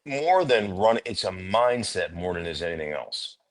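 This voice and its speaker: A middle-aged man with a very low voice, a former player holding forth as an interview guest. He is emphatic and opinionated, and he acts out the voices of people he has argued with. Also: very animated, normal speed. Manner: emphatic, opinionated storyteller who acts out quotes. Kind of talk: casual interview talk.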